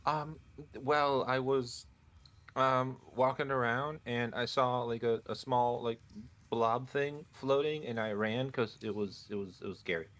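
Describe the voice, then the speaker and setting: A man's voice: medium pitch, fairly even intonation, unhurried, fairly bright tone, lightly acted. A man voicing a timid young rat who stammers nervously.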